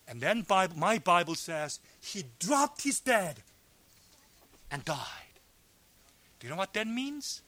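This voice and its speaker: A pastor preaching a sermon at a fellowship meeting, swinging from loud cries to hushed low tones, in English that is not his first language. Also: big pitch swings, slow, long pauses, dry recording.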